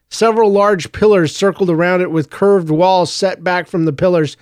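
A male narrator reading a story with a steady, even delivery. His voice is high for a man and smooth, and the recording is close and completely dry. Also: no room sound. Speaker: audiobook narrator.

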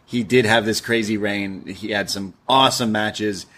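A man co-hosting a casual wrestling podcast, giving relaxed opinions and agreeing with his co-host. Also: lowish voice, normal speed. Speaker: wrestling show reviewer.

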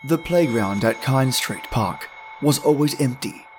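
A man narrating a creepy tale at a middle pitch, unhurried and low in volume. He sounds friendly and chatty, with faint music underneath. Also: animated. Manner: friendly, chatty intro, then slow hushed reading. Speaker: podcast host and narrator. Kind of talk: scripted horror story narration.

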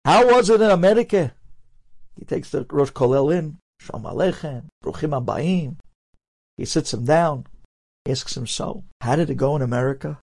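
A man telling a story with lively energy, acting out the characters' lines with sudden jumps in his voice. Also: medium pitch, moderate pace, vocal fry, slightly rough. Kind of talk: animated storytelling.

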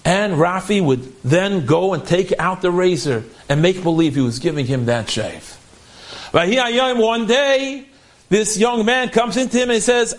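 A man's voice: high-pitched, normal speed. A man earnestly retelling an inspiring story he heard from a friend, sprinkling in Yiddish and Hebrew words.

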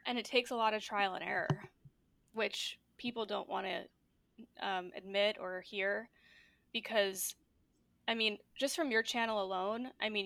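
A woman's voice: medium pitch, fairly bright tone, no echo. A woman hosting a podcast interview, chatting casually and encouragingly with plenty of fillers. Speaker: podcast host.

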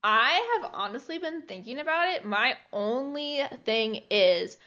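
Young woman streamer, bright voice, dull lo-fi audio, rambling casual chat, lots of fillers. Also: sits high, animated, a little slow.

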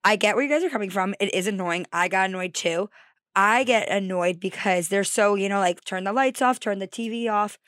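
A woman's voice: medium pitch, brisk, fairly bright tone, no room sound, studio quality. A young woman co-hosting a casual podcast, talking bluntly and teasing the others. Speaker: podcast co-host. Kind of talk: casual chat.

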